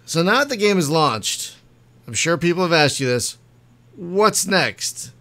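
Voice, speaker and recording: A chatty podcast host, a man with a somewhat high voice. He laughs often and talks loosely over an online call. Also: lively intonation, a little slow, sharp tone. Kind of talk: casual chat.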